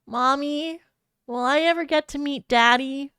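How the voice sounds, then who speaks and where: A woman's voice: sits high, a little slow, a bit bright, dry recording, clean studio sound, voice pushed up. A woman voicing a small, tearful boy in a fanfiction reading, asking plaintive questions.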